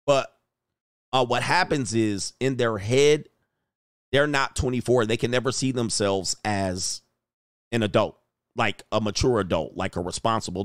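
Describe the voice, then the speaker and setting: A young man riffs in casual reaction commentary, loud and animated, with a mid-pitched voice. His talk is crude and full of laughter. The sound is dry and close. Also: no echo.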